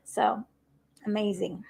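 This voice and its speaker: A woman's voice: mid-range voice, vocal fry, warm tone, husky. A woman hosting a casual livestream chat, telling stories with frequent laughter over a video call. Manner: chatty storyteller, laughs often.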